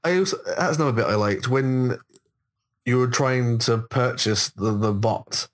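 A relaxed man chatting on a podcast he co-hosts, at an ordinary middling pitch. He is agreeable. He often chimes in with short remarks and brief stories. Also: unhurried. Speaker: podcast co-host. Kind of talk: casual chat. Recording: audio taken from a live stream.

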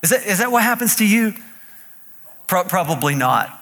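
A male pastor preaching a sermon to a live congregation in a playful, animated way that draws the listeners in. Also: sits high, normal speed, in a large hall.

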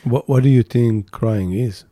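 An older man co-hosting a podcast with his son, talking in a slow, musing way and dropping softer on his key words. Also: medium pitch, no echo. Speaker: co-host, father of the host. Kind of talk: reflective podcast conversation.

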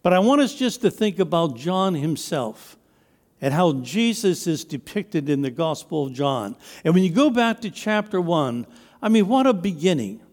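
A man's voice: fairly high pitch, big pitch swings, normal speed, a little mellow, in a large hall. A man preaching a sermon as pastor, emphatic, with his voice rising and dropping to stress his points.

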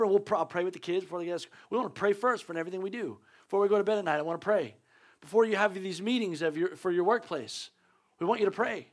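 A man preaching a conversational sermon as a pastor, earnest and urging, repeating his points with joking asides. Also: sits high.

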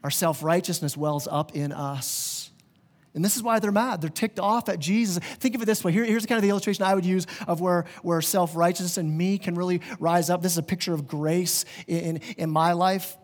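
A man with a high voice preaches a sermon to his congregation. He talks earnestly and conversationally and brings his points home with vivid everyday examples. His voice rings through the long reverb of a large church hall. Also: a little fast. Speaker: pastor. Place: church sanctuary.

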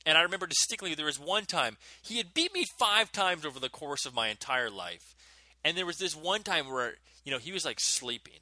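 30s guy co-hosting a podcast, kinda high voice, super bright, tells stories all animated and laughy. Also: a little fast, dry recording. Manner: animated storyteller, laughs often. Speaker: podcast co-host. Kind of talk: casual chat.

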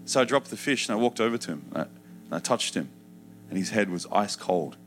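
A man's voice: on the low side, lively intonation, a little fast. A man giving an emotional personal testimony in a sermon, acting out the words he once said. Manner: emotional storytelling, acts out shouted childhood quotes.

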